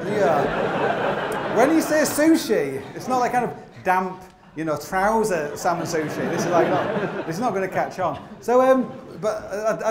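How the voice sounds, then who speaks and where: A man telling rambling, comic climbing stories live on a theatre stage, full of fillers and the odd swear word. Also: sits high. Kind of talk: live comic storytelling talk. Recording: roomy theatre sound with faint noise.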